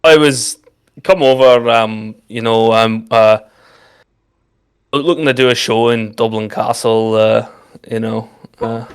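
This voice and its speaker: Man, tabletop player, hesitant, lots of ums, smooth clear voice. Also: medium pitch, steady tone, takes it slowly. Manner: hesitant, laughing, full of fillers. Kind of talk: casual tabletop play.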